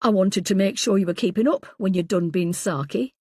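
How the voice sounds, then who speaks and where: A woman's voice: medium pitch, brisk, dark tone, husky, dry recording, lightly acted. A woman narrating a wry female detective in an audiobook with a dry, teasing humour. Close, dry sound.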